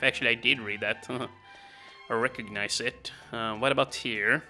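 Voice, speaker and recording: Very bright-voiced casual gamer. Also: male voice, mid-range voice, steady tone, unhurried, faint music behind. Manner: rambling, many fillers and chuckles. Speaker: let's play host. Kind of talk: casual gameplay commentary.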